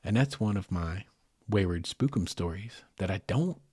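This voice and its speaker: A middle-aged man spins a spoken story for his podcast audience, lively and chatty, turning to his listeners every so often. His voice sits low and a little husky, recorded close and dry. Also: moderate pace, no room sound. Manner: animated, talks to listeners directly. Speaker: podcast host.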